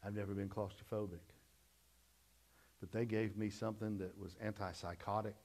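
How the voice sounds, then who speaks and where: Middle-aged man, pastor giving a sermon; lower voice, folksy testimony, dynamic swings. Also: level tone, normal speed. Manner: folksy storytelling testimony, swings from loud to hushed.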